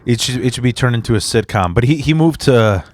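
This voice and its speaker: A man's voice: medium pitch, a little fast, no echo. Profane rambling storyteller man. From immigrant. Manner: profane, rambling, animated retelling. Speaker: podcast guest, standup comedian. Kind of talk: casual storytelling chat.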